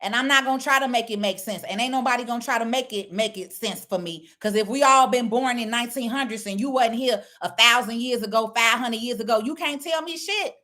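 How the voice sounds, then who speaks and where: A woman's voice: on the high side, brisk, few pauses, pushed and bright. A woman speaking blunt, preachy casual talk, lecturing her viewers. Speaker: online commentator. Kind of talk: casual direct-to-camera talk.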